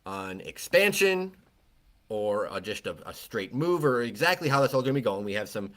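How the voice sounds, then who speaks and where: A man chats casually as a podcast co-host, with a voice of ordinary middle pitch. He rambles, restarts his sentences and keeps a relaxed, conversational flow. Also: normal speed. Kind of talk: casual chat.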